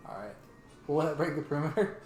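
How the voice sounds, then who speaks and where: A man playing a tabletop role-playing game, asking quick, playful questions. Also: fairly high pitch, lively intonation, darkish tone. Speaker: player. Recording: roomy, music behind.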